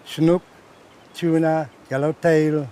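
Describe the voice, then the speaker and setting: Halting fisherman. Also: a little high, little pitch movement, dark tone, slight background noise. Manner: plain, halting short phrases. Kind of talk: casual chat. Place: outdoors on a fishing harbour.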